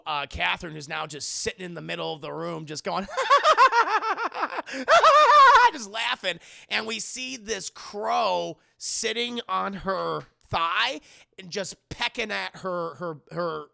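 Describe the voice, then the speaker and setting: Young man, comic film recap, profane, animated, bright gravelly voice, dry close sound. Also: high-pitched, no echo. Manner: profane, animated, addresses the chat. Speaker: film reviewer streaming to a live chat. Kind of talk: casual comic plot recap.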